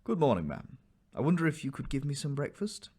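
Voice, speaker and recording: A man's voice: medium pitch, unhurried, a bit bright, voice pushed up, natural voice. A man voicing a bold, cheerful young peasant boy in a storybook reading, polite and eager.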